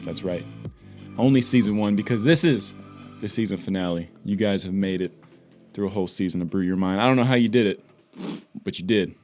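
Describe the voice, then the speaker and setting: A man's voice: fairly low pitch, a little fast, pauses often, darkish tone, soft background music. A man co-hosting a casual podcast, playful and teasing, chatting in an upbeat way. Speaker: podcast co-host. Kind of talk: casual chat.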